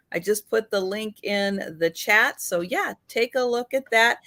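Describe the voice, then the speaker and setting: A woman's voice: on the high side, sharp tone, dry recording. A woman hosting a live sale stream, talking in a friendly, brief way. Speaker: host.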